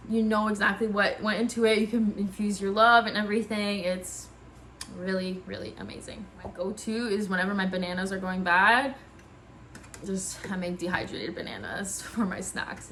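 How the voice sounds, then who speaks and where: A woman's voice: medium pitch, a bit bright, a little hiss or hum. A woman talking casually and enthusiastically about her kitchen tools in a home vlog, chatty with frequent fillers. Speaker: wellness vlogger.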